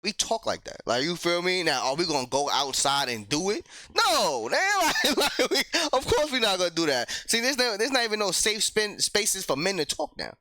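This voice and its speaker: A man's voice: high-pitched, big pitch swings, normal speed, hardly any pauses, pushed and bright, dry recording, clean studio sound. A man hosting a reaction video, talking casually and profanely and laughing often.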